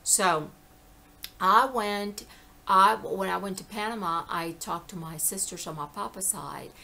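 Bright-voiced woman rambling in animated monologue. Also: medium pitch, a little slow, creaky. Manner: animated, digressive, slips into quoted voices. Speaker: vlogger. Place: lives in the American South.

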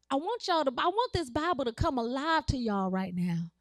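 A woman's voice: high voice, expressive, normal speed, few pauses, dry recording. A woman pastor, preaching a sermon in call-and-response style, repeating her phrases and laughing with the congregation. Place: church sanctuary.

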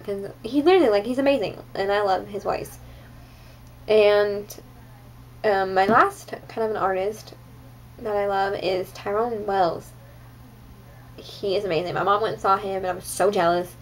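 A woman's voice: mid-range voice, flat delivery, unhurried, long pauses, slight background noise, low-quality recording. Chatty young woman gushing to camera. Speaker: vlogger. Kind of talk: casual monthly favorites chat.

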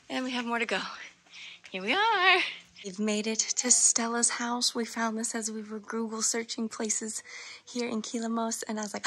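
A woman's voice: on the high side, moderate pace, sharp tone. A young woman, chatting casually as a travel vlogger, bubbly and full of "like". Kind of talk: casual vlog narration. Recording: outdoor vlog with clear background noise.

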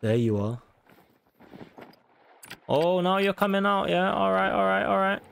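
A young man giving casual, sweary commentary on a hunting game and taunting the animals loudly. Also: high-pitched, lively intonation, measured pace, gravelly, slight background noise. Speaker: gaming YouTuber.

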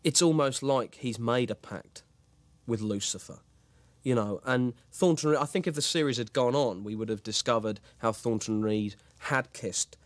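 A man's voice: mid-range voice, moderate pace, natural voice. An actor playing a vain, grandiose male horror writer who stars in his own series, speaking pompously in a mock documentary interview. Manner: self-important, pompous.

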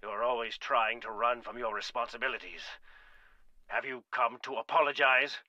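A man's voice: medium pitch, normal speed, pushed and bright, no echo. An actor playing a stern, disappointed older father in a game, grave and reproachful. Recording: dull game audio under music.

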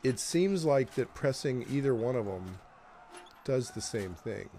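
A man giving relaxed gameplay commentary, thinking aloud and reading game text as he plays. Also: medium pitch, measured pace, slight background noise. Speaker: gameplay host.

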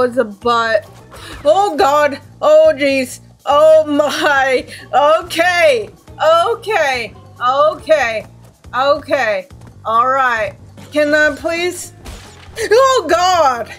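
Woman, high voice, slow delivery, anxious let's play commentary, repeated exclamations. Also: a bit bright, faint music behind. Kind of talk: casual gameplay commentary.

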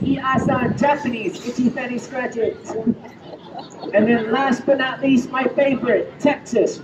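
A man working as a street magician, doing comic patter and crowd-work as a loud showman outdoors on a pier, caught by a distant camera. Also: very high-pitched, muffled recording, background noise. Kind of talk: comedic magic show patter. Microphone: distant vlog camera. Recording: distant, echoey, with music.

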